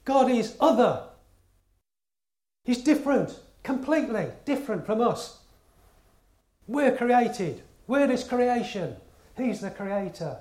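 A man delivers a sermon with a fairly high voice. He presses each point earnestly, repeating words and asking rhetorical questions. The sound carries the echo of a church. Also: expressive, slow, pauses often, warm tone. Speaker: preacher. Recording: echoey room.

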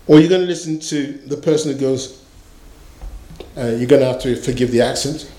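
A man's voice: mid-range voice, a little slow, long pauses, mellow. A man preaching a sermon in a storytelling manner, repeating key phrases for emphasis. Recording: echoey room.

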